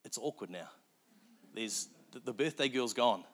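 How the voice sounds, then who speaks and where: A man tells a story in a sermon. He is animated and restarts his sentences often. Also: medium pitch. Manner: fast, animated, with filler restarts.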